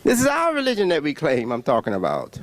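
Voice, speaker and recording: A man giving a preaching religious lecture, emphatic, with long pauses and repeated words. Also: a little high, wildly swooping pitch. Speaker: religious speaker.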